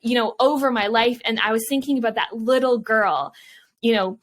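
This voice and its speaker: A young woman guest in an interview, recalling her past with open emotion and a reflective tone. Her voice sits a touch high, and she talks in quick runs broken by "like" and "um". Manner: emotional, reflective, many fillers. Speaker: Olympian guest. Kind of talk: interview storytelling.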